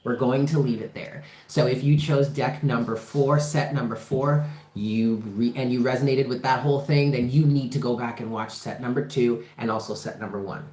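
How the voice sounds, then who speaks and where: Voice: mid-range voice, steady tone, moderate pace, hardly any pauses, darkish tone. Impassioned tarot reader in an echoey room. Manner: emphatic, impassioned, swears freely; repeats phrases for emphasis. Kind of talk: livestreamed tarot reading. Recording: roomy echo.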